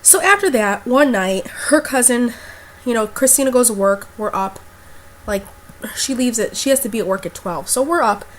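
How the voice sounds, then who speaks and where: A woman's voice: on the high side, lively intonation, normal speed. A young woman vlogger telling a personal story in a casual, blunt way, with lots of fillers and swearing.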